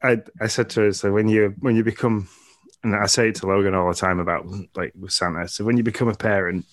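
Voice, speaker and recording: Low-voiced man chatting, dry sound. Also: steady tone, fast talker, no room sound. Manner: easygoing, rambling, chuckles often. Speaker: podcast co-host. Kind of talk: casual chat.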